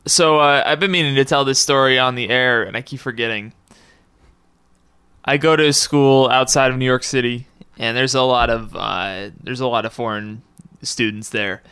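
A man's voice: medium pitch, normal speed, pushed and bright, clean tone, dry recording, studio quality. A young man hosting a casual podcast, rambling and laughing often as he tells stories. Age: young adult. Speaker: podcast host.

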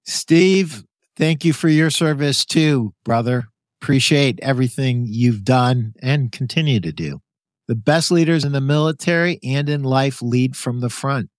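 Male podcast host, animated and jokey storyteller, medium pitch, dry close mic. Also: a little slow, no room sound. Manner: animated, jokey, laughs often, calls guest "brother". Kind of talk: casual interview chat.

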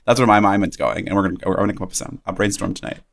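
A man's voice: low-pitched, racing, vocal fry. A man co-hosting a casual podcast, heated and swearing, tripping over his own restarts. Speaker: podcast co-host.

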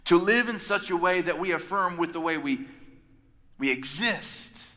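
A man preaching a sermon, emphatic, building his points with repeated phrases and pauses. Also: sits high, animated, bright, forceful tone. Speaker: pastor. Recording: long reverb of a large hall.

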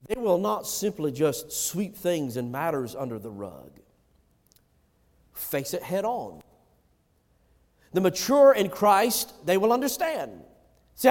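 A man delivers a sermon in a high voice, rising to loud emphatic calls and then sinking to low, hushed lines. A long reverb trails after his words. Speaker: preacher.

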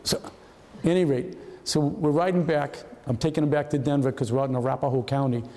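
A man in his seventies tells stories from his career to an audience, slipping into the voices of the people he describes. His voice sits a little high but sounds warm and gravelly. The long reverb of a hall trails behind every line. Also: fast. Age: 70s. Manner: lively storyteller who acts out quoted voices. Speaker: retired FBI agent guest speaker. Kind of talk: anecdotal storytelling talk. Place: hall at a historical society event.

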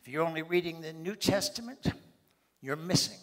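A man's voice: on the high side, normal speed. A man preaching a sermon, acting out short scenes in different voices. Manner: animated, acts out little scenes with voices. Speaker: pastor.

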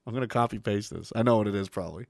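A man's voice: on the low side, racing, creaky, darkish tone, no echo, studio quality. A man hosting a livestream, chatting casually and sarcastically while reading out chat messages, laughing often and swearing freely.

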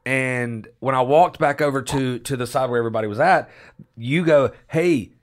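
A man at a middle pitch tells a story to friends in a loose, rambling way. He restarts sentences, swears casually and quotes what others said. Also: moderate pace. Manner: rambling, restarts, swears and laughs while telling.

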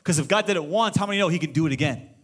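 A middle-aged man preaching a sermon as pastor, moving between loud exclamations and hushed storytelling. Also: on the high side, lively intonation, racing, breathy edge. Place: church auditorium.

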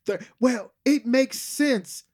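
A man co-hosting a podcast in casual chat, excitable, swearing often and laughing a lot. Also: very high-pitched, slow pace. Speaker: podcast co-host, comedian.

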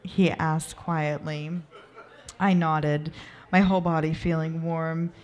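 A woman reads an amateur story aloud, soft and unhurried. Her voice sits a little low and she keeps an easy, relaxed narrating tone. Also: lo-fi sound. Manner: soft, unhurried reading with occasional laughs at slips. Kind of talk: amateur erotic story reading.

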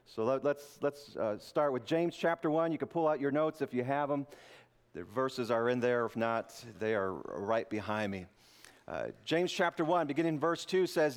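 A male pastor giving a sermon in a relaxed, conversational way, mixing scripture reading with light jokes. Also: medium pitch, normal speed. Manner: joking, conversational preaching. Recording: podcast intro over loud guitar music.

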